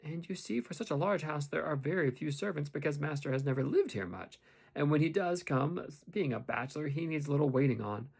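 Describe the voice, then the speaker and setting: Man putting on a raised voice for a cool middle-aged woman servant, husky, calm and polite, audiobook. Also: on the high side, brisk, full character voice. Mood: composed. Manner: calm, even, coolly polite. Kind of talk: audiobook character voice.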